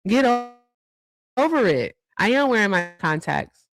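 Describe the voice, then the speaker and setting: A woman's voice: mid-range voice, expressive, fairly quick. A woman co-hosting a livestream show, chatting casually and reading out viewer thank-yous with asides. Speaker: livestream co-host.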